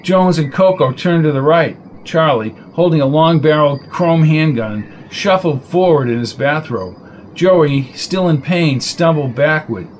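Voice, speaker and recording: A man reading a crime novel aloud in a steady storytelling voice. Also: a little high, a little slow, slight background noise, poor audio. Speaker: narrator. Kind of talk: audiobook reading.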